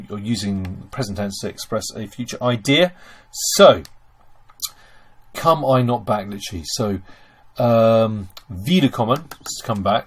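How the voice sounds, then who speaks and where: A man teaching German grammar in a screen-recorded lesson, explaining step by step and calling his viewers ladies and gentlemen. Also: medium pitch.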